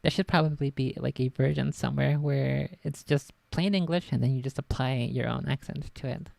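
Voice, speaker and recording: A woman streamer reading a novel aloud and chatting casually, self-critical and quick to swear. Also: very deep voice, steady tone, gravelly, darkish tone, no room sound.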